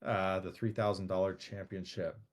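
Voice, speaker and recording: A man's voice: low voice, flat delivery, moderate pace. A man co-hosting a live stream, telling stories casually and rambling with lots of fillers and restarts. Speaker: co-host. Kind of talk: casual chat about a card game.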